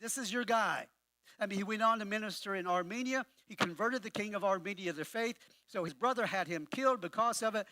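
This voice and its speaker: Guy pastor giving a chatty sermon, kinda high bright voice, trips over his words a lot, dry sound. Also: fairly quick, no echo. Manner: conversational with frequent word repetitions; wry humorous asides.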